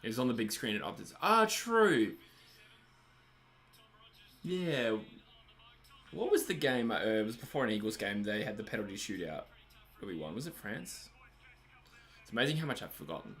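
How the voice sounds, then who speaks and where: Aussie guy on a live watch-along, lowish voice, chatty and laughy, replying to chat. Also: very animated, moderate pace, long pauses, a bit bright. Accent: Australian. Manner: chatty, laughs often, answers chat comments. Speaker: livestream host. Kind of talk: casual watch-along commentary.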